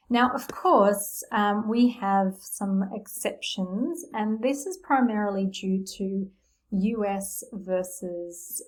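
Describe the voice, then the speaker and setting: A woman's voice: medium pitch, darkish tone, rough recording. A woman teaching teachers spelling rules in a friendly explanatory lesson, using playful metaphors. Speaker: literacy teacher trainer.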